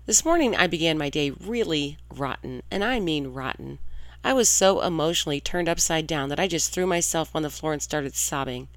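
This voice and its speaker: A woman in her forties from St. Louis, Missouri, hosts an internet radio show, delivering a scripted monologue in a chatty, confiding and emphatic way. Her deep voice is animated at a normal speed, with no room sound.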